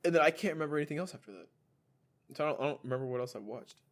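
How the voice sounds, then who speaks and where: A man's voice: fairly high pitch, lively intonation, very fast. A young man co-hosting a podcast, in laid-back slangy casual chat. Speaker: podcast co-host.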